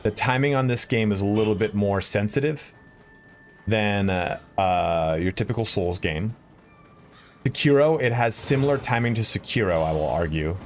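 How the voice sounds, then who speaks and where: With slight background noise and faint game music behind him, a male streamer talks at normal speed in a lowish voice. He chats casually with viewers while playing and swears when the game wins.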